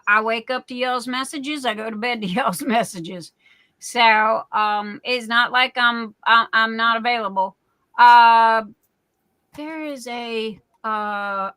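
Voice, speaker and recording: A woman's voice: fairly high pitch, bright, forceful tone, dry recording. A middle-aged woman hosting a livestream, telling rambling folksy stories in a casual chat full of fillers. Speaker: livestream host.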